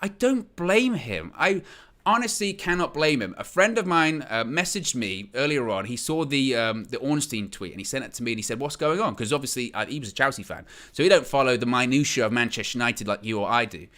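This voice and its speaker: Bright-voiced man ranting about football. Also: medium pitch, animated, brisk. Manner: impassioned ranting, repetitive emphasis. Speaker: football channel presenter. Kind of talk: opinionated football transfer talk.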